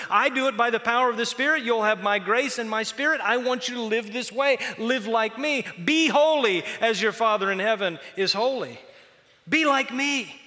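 Earnest, pleading male teacher, put on by a preacher mid-sermon, in a bright, ringing hall. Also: very high-pitched, voice pushed up.

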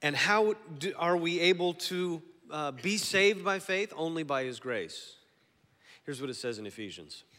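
Pastor, man, bright forceful voice, preaching in a reverberant church hall, shifts from hushed to loud. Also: on the high side, animated. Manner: swings from soft and slow to loud and emphatic. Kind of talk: sermon. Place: church sanctuary.

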